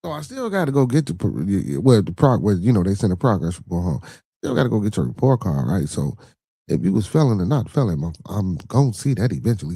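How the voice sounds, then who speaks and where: His voice is lowish and mellow with a breathy edge, swinging widely in pitch at a quick pace in a dry recording. He's a middle-aged podcast host with a Chicago accent doing a casual livestream monologue, loose and profane, turning nearly every thought into a question to the listener with a constant "you feel me."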